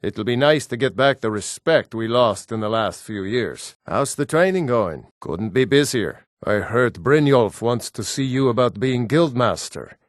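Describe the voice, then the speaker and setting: An actor voicing assorted gruff adult Nord men in a fantasy video game, blunt and plain-spoken. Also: male voice, medium pitch, animated, unhurried, few pauses, no room sound, clean studio sound, close to an everyday voice. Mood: matter-of-fact. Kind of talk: game voice lines.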